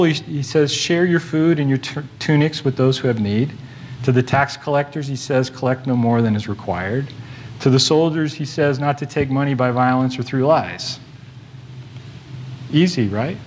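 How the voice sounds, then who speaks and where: Halting, conversational male preacher. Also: medium pitch, slight background noise. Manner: conversational, halting with many restarts and fillers. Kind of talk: sermon.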